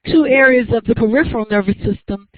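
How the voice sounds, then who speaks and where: A woman lecturing to a class, explaining each idea patiently and often pausing to ask whether everyone follows. The recording is dry and thin, with a narrow, phone-like sound. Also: a little high, dry recording. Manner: explanatory, checks understanding with frequent questions. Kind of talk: university lecture.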